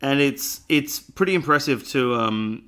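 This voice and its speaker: A man's voice: medium pitch, lively intonation, measured pace, a bit bright, clear, resonant tone. A man co-hosting a podcast in casual chat, rambling and hesitant with many fillers. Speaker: podcast co-host.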